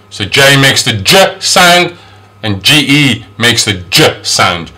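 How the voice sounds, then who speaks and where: Slow, lively male phonics teacher. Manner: slow, repeats each sound several times; pitch jumps up on model words. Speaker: English pronunciation teacher. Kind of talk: phonics lesson.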